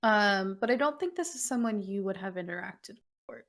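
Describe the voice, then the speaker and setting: A woman narrating a tabletop game as game master, describing scenes in an unhurried way. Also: mid-range voice, expressive.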